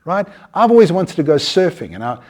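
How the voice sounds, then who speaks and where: A man giving an earnest, conversational talk on mindfulness, animated and often restarting his sentences. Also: a little high, a little fast. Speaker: mindfulness speaker.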